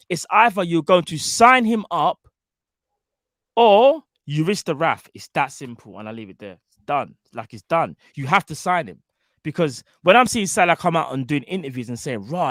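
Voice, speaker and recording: A man's voice: fairly high pitch, a bit bright, no echo, clean studio sound. A man hosting a football fan show, arguing his point emphatically with slang and repetition. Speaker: fan channel host. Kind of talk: impassioned football opinion.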